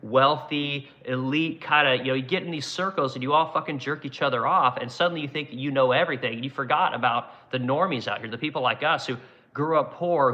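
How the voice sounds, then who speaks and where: The audio is dull, and the voice is a fairly high-pitched, sharp male one. He's an adult with a ten-year-old business, hosting his own show and swearing nonstop as he bluntly reads out and responds to viewers' comments.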